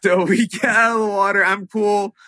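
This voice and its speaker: A man telling a story in casual chat, animated and profane, with many fillers. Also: high-pitched, moderate pace, dry recording.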